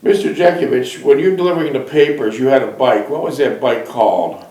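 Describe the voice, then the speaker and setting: A man hosting an interview, firing off brisk questions and answering with short acknowledgments. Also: mid-range voice, darkish tone, echoey room, poor audio. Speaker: interviewer, show host. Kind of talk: reading aloud and asking interview questions.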